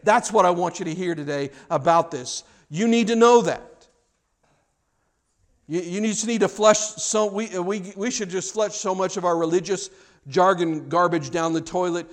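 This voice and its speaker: A man with a high voice preaches a sermon in a conversational way. He often stumbles and repeats words, and his delivery swings from hushed, low stretches to loud, excited ones. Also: moderate pace. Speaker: pastor.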